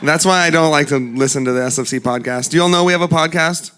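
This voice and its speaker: A man gives a casual conference talk in a fairly high voice. He jokes with the crowd and throws in chatty asides as he goes. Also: fast talker, fairly bright tone. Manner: joking, chatty asides to the audience. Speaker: national director giving a conference talk. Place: conference hall before a crowd.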